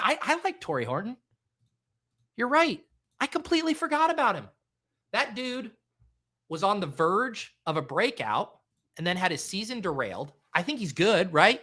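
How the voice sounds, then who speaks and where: Guy streaming live, lively swingy voice, kinda high and bright, chatty and excitable. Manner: excitable, animated, talks to chat. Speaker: fantasy football streamer. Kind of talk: live-stream casual chat.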